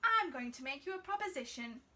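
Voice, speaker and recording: Woman putting on a little storybook girl, really high squeaky voice, childlike and cheeky. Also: very animated, fairly quick, pushed and bright, heavily acted. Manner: childlike, pleading. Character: clever young girl, tearful then bold.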